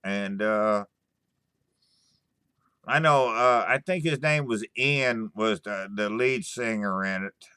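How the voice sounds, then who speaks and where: A man hosting a livestream, chatting casually with viewers in a halting, stammering way, swearing often and sighing between thoughts. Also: on the low side, sharp tone, smooth, no echo, studio quality. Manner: slow, sighing storytelling. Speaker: livestream host answering chat. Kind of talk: casual rambling chat.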